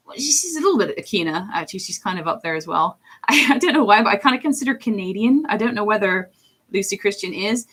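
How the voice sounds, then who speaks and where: A woman's voice: mid-range voice, lively intonation, brisk, fairly bright tone, slightly rough. A woman who streams and does voice acting, chatting casually and rambling as she talks. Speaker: streamer and voice actor. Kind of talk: casual chat while drawing on stream.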